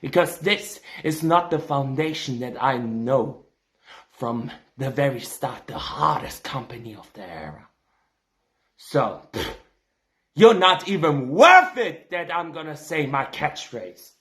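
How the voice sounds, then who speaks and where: A man with a German accent, a native German speaker, delivering an angry, cursing wrestling trash-talk promo in shouted bursts. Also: mid-range voice, lively intonation, slow, reverberant. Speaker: fan wrestling promo competitor.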